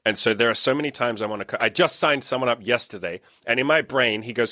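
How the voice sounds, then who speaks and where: A man's voice: medium pitch, fast talker, hardly any pauses, bright, forceful tone, dry recording, studio quality. A man hosting a casual roundtable as a dating and business coach, blunt, joking and profane.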